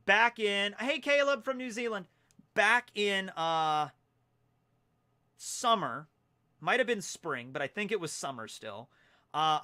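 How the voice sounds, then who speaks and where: Bright-voiced man rambling on a stream. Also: a little high. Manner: rambling, loose and chatty with many fillers. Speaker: streamer reading fan mail. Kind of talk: casual livestream chat. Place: at home.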